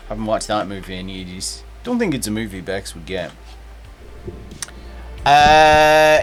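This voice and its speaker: A man's voice: on the low side, very animated, a little slow, long pauses, soft background music. A man chatting and joking casually while streaming a game. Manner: joking, rambling, playful. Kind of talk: casual gameplay stream chat.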